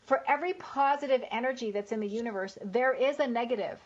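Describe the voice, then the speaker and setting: Female radio host, a bit high-pitched, conversational, spiritual talk, muffled lo-fi broadcast sound. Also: fast. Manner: chatty, explains with lists of opposites and rhetorical "right?". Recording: dull lo-fi radio audio.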